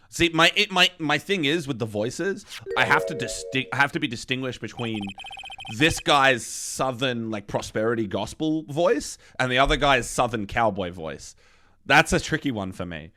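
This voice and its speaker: Guy streaming a game, swears a lot and rambles, lively pitch, game music playing. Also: moderate pace. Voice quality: profane, rambling speech. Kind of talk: casual game commentary.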